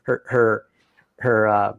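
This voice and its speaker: A man with a gravelly, fry-edged voice chats casually on a podcast, telling dog training stories and acting out the owners and dogs. He sounds a little congested. The sound is dry and close, with no room echo. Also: fairly low pitch, flat delivery, slow, a bit bright, dull audio. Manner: storytelling, acts out dogs and owners. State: slightly congested.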